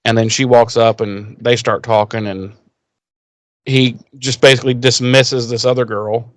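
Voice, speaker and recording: Guy recapping an episode on a podcast, cursing, animated, dry close mic. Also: mid-range voice, a little slow, no room sound. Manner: profane, animated retelling with acted quotes. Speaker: podcast co-host. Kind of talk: casual chat recapping a TV episode.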